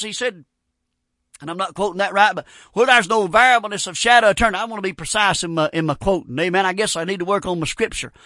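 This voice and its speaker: A male preacher telling stories in a folksy sermon, with a very high, bright voice. He is animated and keeps dropping in amens. The sound is dry and close. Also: no room sound. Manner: folksy, repeats amen, animated storytelling.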